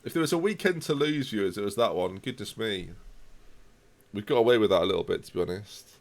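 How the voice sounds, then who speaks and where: A young man commentating live on his football management game, reacting loudly to the match and chatting to viewers. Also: on the low side, expressive, fast talker.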